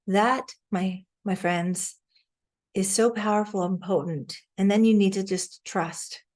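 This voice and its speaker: An earnest woman talks through a spiritual lesson over a video call, at an ordinary middle pitch. She sounds heartfelt and easily moved, laughing often and stopping to look things up as she goes. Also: steady tone, takes it slowly, a little mellow. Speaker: spiritual astrology teacher.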